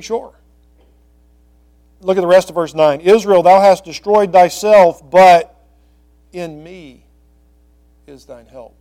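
A male pastor teaching through scripture verse by verse, reading the old text slowly and explaining it in quick, conversational asides. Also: sits high, darkish tone.

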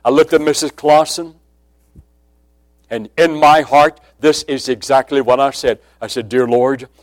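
A man preaching a sermon with a personal testimony, speaking emphatically and dropping to a hushed voice when quoting. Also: mid-range voice, fairly even intonation, a little slow, no echo.

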